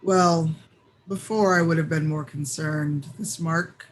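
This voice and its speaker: A man's voice: on the high side, fairly even intonation, slow pace, slight background noise, rough recording. A man voicing a weary, guarded Inquisitor in a fantasy tabletop game, speaking formally and with reserve. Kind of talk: in-character tabletop role-play.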